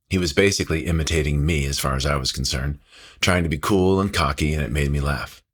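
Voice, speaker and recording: A man reads his own memoir aloud in a very low voice, heartfelt and reflective. His tone has a husky, slightly breathy grain. The telling is steady audiobook narration.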